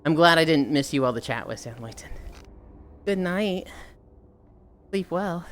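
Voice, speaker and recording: A woman's voice: fairly low pitch, lively intonation, measured pace, long pauses. A woman livestreamer chatting casually with her viewers, rambling, sighing often and swearing offhandedly.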